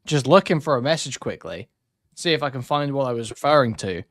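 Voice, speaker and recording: A man's voice: medium pitch, expressive, brisk, fairly bright tone, no echo. Sarcastic man streaming, dry sound. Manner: sarcastic, blunt and rambling. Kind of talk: casual live-stream commentary.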